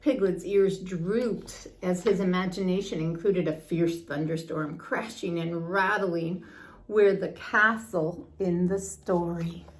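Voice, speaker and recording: An older woman reading a children's storybook aloud with expressive, lilting narration. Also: mid-range voice.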